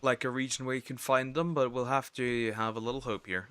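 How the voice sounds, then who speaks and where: A man's voice: mid-range voice, steady tone, fairly quick, a bit bright, clean tone. A young man casually rambling to himself as he streams a survival game. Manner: rambling, talks to himself while playing. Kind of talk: casual gameplay commentary.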